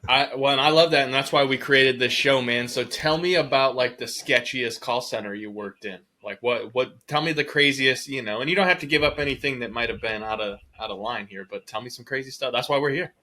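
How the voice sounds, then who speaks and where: A man hosts a casual podcast interview and keeps prompting his guest for wild stories. His voice is bright and forceful, at a middle pitch. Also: brisk, few pauses. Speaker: podcast host.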